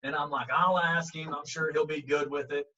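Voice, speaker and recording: Animated man coach telling a story. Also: fairly high pitch, moderate pace, distant mic. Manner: animated, acts out quotes, frequent fillers. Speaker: baseball coach. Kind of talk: casual storytelling in an interview. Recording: muffled audio, speaker set back from the mic.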